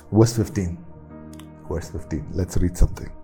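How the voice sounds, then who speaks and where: A man's voice: mid-range voice, lively intonation, measured pace, a little mellow, faint music behind. A man preaching a sermon, repeating key phrases with emphatic, rising delivery.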